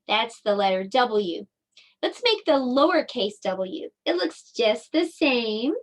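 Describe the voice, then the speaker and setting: A middle-aged woman leads a children's circle time lesson in a slow, sing-song way. Her voice sits a little high, and she draws each word out for small listeners. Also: very animated, fairly bright tone. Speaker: preschool teacher.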